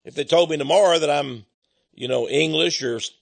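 Man, from Texas, preachy monologue, high voice, frequent chuckles. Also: fairly quick, vocal fry. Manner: animated, chuckles often, repeats words. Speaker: author promoting his book.

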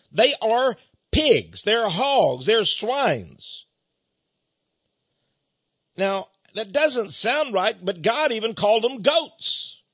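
An older man hosting a radio show, talking in a preachy monologue that swings between hushed asides and emphatic declarations, with frequent chuckles. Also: high voice, breathy edge, no room sound. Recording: dull lo-fi radio broadcast.

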